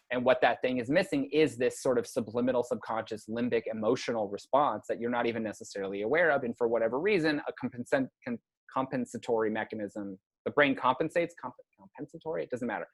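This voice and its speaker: A man delivers a relaxed university lecture at a mid-range pitch. He talks conversationally and drops into short acted-out lines when he voices a patient.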